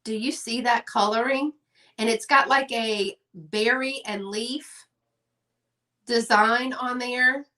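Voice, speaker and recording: A woman's voice: fairly high pitch, steady tone, takes it slowly, sharp tone. A woman hosting a casual live-stream sale, chatty and gushing over her items.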